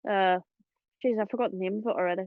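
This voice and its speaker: A woman hosts a relaxed chat, chatty and quick to laugh, piling up fillers as she talks. Her voice sits at a middle pitch, recorded close and dry with a slightly muffled, dull tone. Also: no echo. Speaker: host. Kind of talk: casual chat about voice acting.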